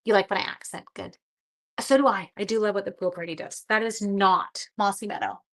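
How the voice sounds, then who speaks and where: A woman's voice: medium pitch, brisk. A middle-aged woman hosting a live craft video, chatting with viewers as she works, short on sleep. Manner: chatty, talks to live viewers while working. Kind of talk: live craft-along chat.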